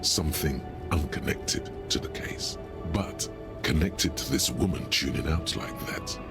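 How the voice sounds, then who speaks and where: A deep, gravelly inner-voice narrator. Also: male voice, lively intonation, exaggerated voice. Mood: dry, ominous. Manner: measured, dryly judging pronouncements. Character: grave, commanding inner-voice narrator of a detective game. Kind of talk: video game voice acting. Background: game music.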